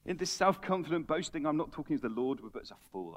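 A man's voice: fairly high pitch, big pitch swings, quick pace. A man preaching a conversational sermon, reading scripture aloud and often repeating words as he talks.

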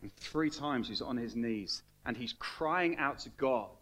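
Animated preacher, man. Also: mid-range voice, unhurried, hardly any pauses. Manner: animated, swings from hushed to loud, acts out quoted voices. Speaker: pastor. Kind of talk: sermon.

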